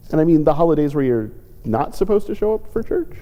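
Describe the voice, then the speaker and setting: Pastor, reflective sermon, mellow dark voice, long church reverb. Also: male voice, sing-song, fast. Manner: reflective, acts out quoted pleas with lifted pitch. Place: church sanctuary.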